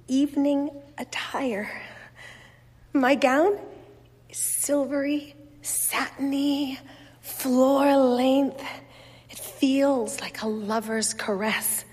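A woman reads first-person literary fiction in a slow, measured way, her fairly high voice husky and soft. A wistful tone runs through the reading. A long hall reverb trails each phrase. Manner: measured, wistful, softly expressive. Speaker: reader.

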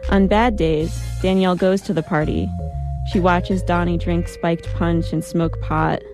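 A woman tells a first-person story in a calm, reflective way. Her voice sits low, and gentle music plays faintly beneath the reading. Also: a little slow.

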